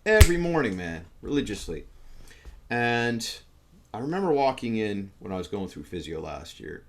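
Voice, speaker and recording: A man hosting a casual podcast, talking in an excitable, profane, rambling way. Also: lowish voice, moderate pace, noisy background. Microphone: camera setup.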